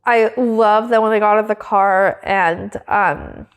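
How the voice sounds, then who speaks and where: A woman hosting a podcast in loose, casual chat, her speech full of "like" and small restarts. She sounds amused and tells things at an easy pitch for a woman. There is no echo or background sound. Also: fairly even intonation, unhurried, clear, resonant tone. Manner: chatty, peppered with "like", breaks into giggles. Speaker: podcast co-host.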